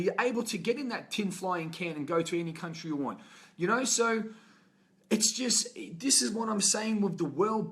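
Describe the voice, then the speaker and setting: A man's voice: high-pitched, a bit bright. A man giving a fervent, profane motivational talk on a live stream from a hotel room. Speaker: motivational coach. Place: hotel, indoors.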